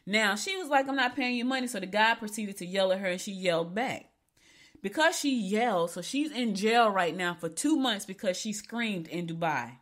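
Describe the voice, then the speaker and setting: A woman's voice: mid-range voice, lively intonation, moderate pace, a bit bright. A woman radio host giving outspoken, chatty commentary on the news in a casual talk-radio style. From United States.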